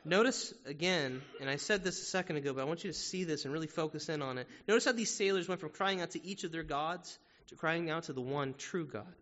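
A man's voice: a little high, quick pace, few pauses, a bit bright. A man preaching a sermon as pastor, talking to the congregation in a conversational way with frequent rhetorical questions. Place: church sanctuary. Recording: muffled sound with long hall reverb.

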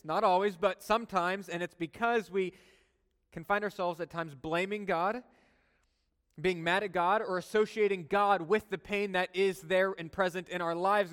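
A male pastor preaching a sermon in a conversational storytelling manner, moving between soft, earnest talk and loud, animated bursts. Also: high-pitched, clear, resonant tone. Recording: long hall reverb.

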